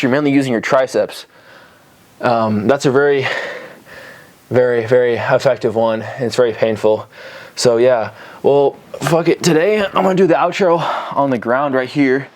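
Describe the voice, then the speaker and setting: A man's voice: mid-range voice, normal speed. Breathless young man coaching a home workout. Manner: loose and rambling, swears casually. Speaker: fitness vlogger. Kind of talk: casual workout instruction. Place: small bedroom at home. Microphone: camera on a tripod.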